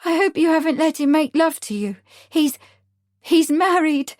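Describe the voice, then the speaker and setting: A woman voicing an earnest, easily upset young Victorian woman who speaks high and breathless. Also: normal speed, warm tone, dry recording, clean studio sound, lightly acted. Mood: distressed.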